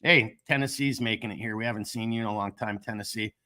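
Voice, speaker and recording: A man's voice: on the low side, quick pace, bright, forceful tone. A middle-aged man with a Minnesotan accent, coming down with a cold, rambling casually and joking at his own expense as he hosts a livestream. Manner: rambling, self-deprecating, joking. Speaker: livestream host of a gear company channel.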